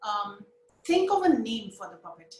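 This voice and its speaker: A woman teaching puppet lip sync in a live webinar, energetic and coaxing, counting along with her viewers over a video call. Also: fairly high pitch, normal speed, reverberant, a little hiss or hum.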